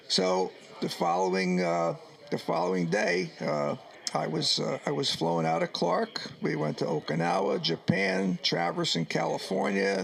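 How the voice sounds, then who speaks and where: Older man with a gravelly voice. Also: fairly high pitch. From New York, United States. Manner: animated storyteller acting out dialogue. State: choked up at times. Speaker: Vietnam veteran guest. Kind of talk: radio interview storytelling.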